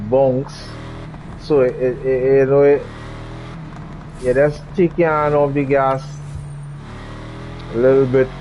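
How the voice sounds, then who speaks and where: A man's voice: mid-range voice, lo-fi sound, slight background noise. A man hosting a gaming channel, giving laid-back commentary while he drives, muttering and repeating himself. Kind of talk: casual gameplay commentary.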